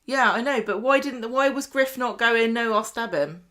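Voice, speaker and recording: A woman co-hosting a casual chat, animated and opinionated as she picks apart soap plots and plays out the characters' lines. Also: a little high, normal speed. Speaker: soap opera recap co-host.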